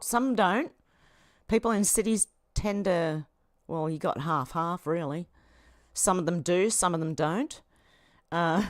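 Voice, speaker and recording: A chatty Australian woman hosting her livestream with loose, rambling commentary. Her voice sits a little low. The sound is dry and close. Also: slow, long pauses, no echo. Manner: rambling, chatty, laughs often. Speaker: livestream host. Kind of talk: casual commentary.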